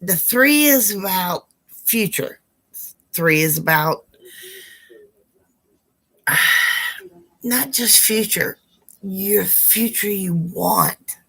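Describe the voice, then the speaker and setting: A woman hosting a live psychic Q&A stream, chatty and affectionate with her viewers, her voice hoarse and rough. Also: medium pitch, lively intonation, very slow, pauses often, fairly bright tone.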